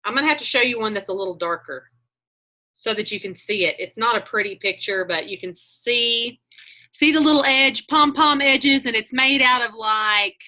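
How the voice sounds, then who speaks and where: A woman's voice: on the high side, normal speed, sharp tone. A woman, talking on a video call, telling chatty stories and acting out her own thoughts as she coaches a group.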